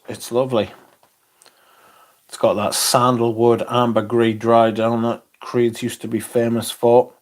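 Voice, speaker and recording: A man's voice: medium pitch, level tone, unhurried. A man hosting a casual livestream, reading out viewer comments in a laid-back, rambling way and swearing now and then. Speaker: livestream host.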